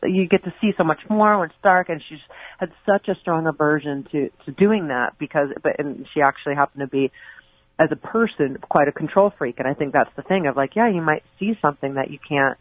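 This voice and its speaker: A woman's voice: deep voice, brisk, no room sound. Woman guest on a tinny phone line. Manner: animated, rambling with many restarts. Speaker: guest, former pro wrestler. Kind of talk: casual podcast interview storytelling.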